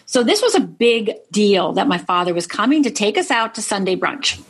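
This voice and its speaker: A middle-aged woman from Upper Michigan speaks as a guest in an interview, recounting her own story. Her voice is somewhat husky at a mid pitch, and she talks earnestly, often tagging lines with "right?". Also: big pitch swings, moderate pace. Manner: earnest, frequent "right?" tags. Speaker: life coach guest.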